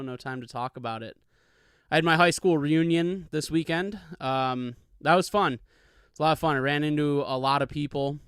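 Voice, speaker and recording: A man's voice: mid-range voice, fairly bright tone, clean tone, dry recording. A man in his thirties hosting a casual solo podcast, rambling and swearing freely in a laid-back way on a studio microphone. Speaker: podcast host. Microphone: studio microphone with pop filter.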